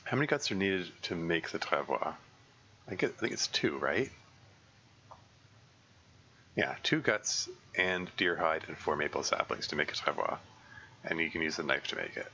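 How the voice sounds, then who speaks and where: A man with a deep voice talks through his game plans as he streams, stopping, restarting and filling gaps with ums. The tone is bright and lively, swinging widely in pitch. The audio is a little dull and lo-fi, with faint game ambience and hiss underneath. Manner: halting, thinking aloud with many fillers and restarts. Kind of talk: casual live gameplay commentary.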